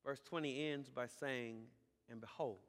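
A man preaching a sermon as a pastor, building from calm teaching to shouted, drawn-out emphasis on key words. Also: medium pitch. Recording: live sermon in a reverberant hall.

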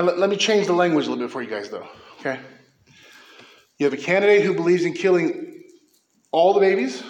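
A man delivers a sermon from the pulpit as pastor. His voice sits a little high for a man, and the church around him rings with echo. He races through asides, then slows into emphatic, impassioned declarations.

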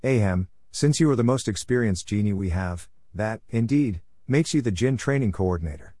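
A stiff, formal angel of death who lectures everyone with lofty correctness, as a male storyteller puts him on. His voice sits a touch higher than the reader's own low register, dry and close with no room around it. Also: expressive, normal speed, dark tone, dry recording. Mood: stern.

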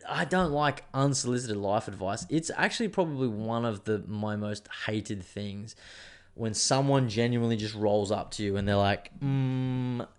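A man's voice: on the low side, normal speed. A young man, hosting a casual monologue show. He rambles and digresses and swears freely. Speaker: podcast host.

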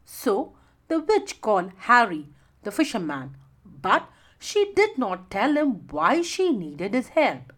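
A woman narrating a children's story slowly and expressively. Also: fairly high pitch, wildly swooping pitch, a bit bright.

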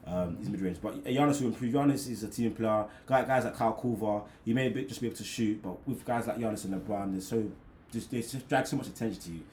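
A man's voice: lowish voice, quick pace, a little mellow. A man chatting casually about basketball, rambling and thinking aloud with fillers. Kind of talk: casual sports chat. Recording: echoey room with faint noise.

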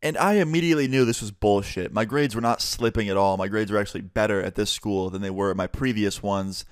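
A man's voice: lowish voice, fast, clean tone, no echo, clean studio sound. A young man casually telling a storytime about his school days, acting out the dialogue as he goes. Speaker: YouTuber. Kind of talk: storytime narration.

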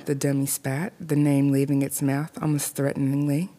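A woman narrating a scripted horror story in a measured, deliberate way. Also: very deep voice, flat delivery, mellow.

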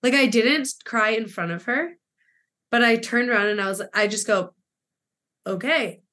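A woman's voice: on the high side, moderate pace, bright, forceful tone. A woman in her twenties co-hosting a podcast, telling a story in casual chat with lots of fillers and acted-out dialogue, emotional and close to tears. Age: 20s. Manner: rambling, filler-heavy retelling with quoted dialogue. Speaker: podcast co-host.

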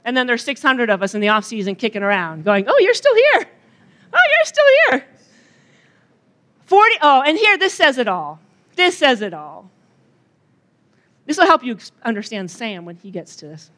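A woman's voice: medium pitch, sing-song, normal speed, bright, forceful tone. A middle-aged woman giving a chatty opening talk at a retreat, joking and bantering with the audience. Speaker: retreat speaker.

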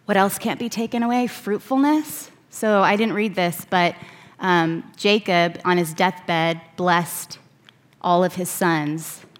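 Slow-speaking woman preaching a sermon. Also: lowish voice. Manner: reads scripture aloud, then slows to stress key words.

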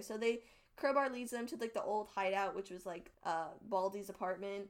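A woman's voice: mid-range voice, fairly even intonation, normal speed. A young woman casually recapping a webcomic, rambling and swearing freely as she acts out what the characters said. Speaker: podcast co-host recapping a webcomic.

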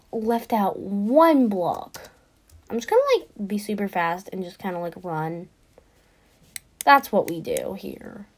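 A woman giving casual gameplay commentary, chatty and excitable, who often drops into a whisper. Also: mid-range voice, slightly rough. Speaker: gaming podcaster.

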